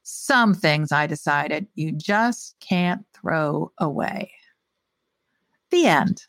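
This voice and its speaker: Woman author reading her story aloud, expressive, dry close mic. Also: sits low, drawn-out words, dry recording. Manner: expressive reading, hesitant in chat. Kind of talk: storytelling reading, then casual chat.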